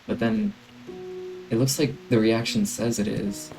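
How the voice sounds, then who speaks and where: A male streamer talks casually and eagerly about a game, with plenty of fillers. His voice has a gravelly fry and sits in a middle pitch, with clear game music playing behind him. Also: sing-song, normal speed, pauses often, poor audio. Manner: chatty, enthusiastic, many fillers.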